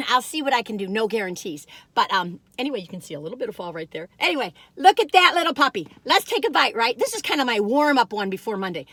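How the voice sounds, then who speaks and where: A woman's voice: sits high, fairly bright tone, no echo. An older woman, chatting casually and rambling to viewers while reviewing food in her car.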